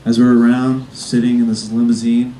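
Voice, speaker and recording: A male comedian warming up a live crowd with a rambling stand-up set, full of fillers and self-aware jokes. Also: mid-range voice, completely flat delivery, moderate pace, recorded from a distance, a little hiss or hum. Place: comedy club stage before a live audience. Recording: roomy live club sound from off-mic.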